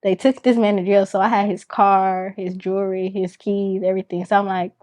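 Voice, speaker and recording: Woman telling an animated story. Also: mid-range voice, fairly quick. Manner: animated storytelling, acting out the people in her story. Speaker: podcast guest. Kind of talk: casual chat.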